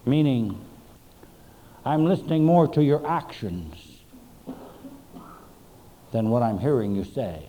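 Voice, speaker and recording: A man preaching a sermon, reading scripture and stressing words with slow, emphatic pauses. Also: medium pitch, lively intonation, mellow, slight background noise, rough recording. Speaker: pastor.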